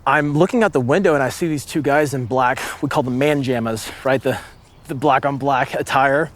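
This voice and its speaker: A man in his late thirties, a former marine sniper, telling a story in casual conversation, rambling with lots of "like" and acting out shouts. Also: mid-range voice, normal speed. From United States. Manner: rambling, with many "like" fillers and vivid acted-out shouts.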